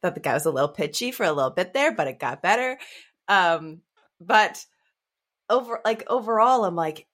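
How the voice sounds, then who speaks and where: Expressive woman guest on a podcast. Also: on the low side, normal speed. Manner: expressive, musing, acts out quotes. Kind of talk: casual chat.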